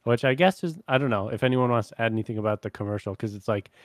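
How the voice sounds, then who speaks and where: A man's voice: medium pitch, fast, no room sound, clean studio sound. A man co-hosting a casual review chat, rambling with fillers and laughing often. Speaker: podcast co-host reviewing a show.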